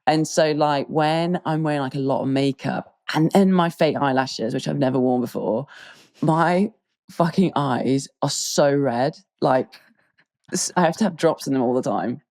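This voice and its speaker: A woman's voice: sits low, normal speed, darkish tone. A woman with a British accent co-hosting a podcast in rambling casual chat, full of fillers. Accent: British English. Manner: rambling, filler-heavy with frequent "like" and "um". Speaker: podcast co-host.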